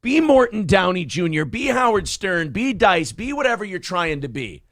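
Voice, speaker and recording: Brash, high-voiced man ranting. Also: sing-song, moderate pace, a bit bright, no echo, studio quality. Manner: brash, profane, mocking rants. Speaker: show host. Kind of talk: crude comedic podcast banter.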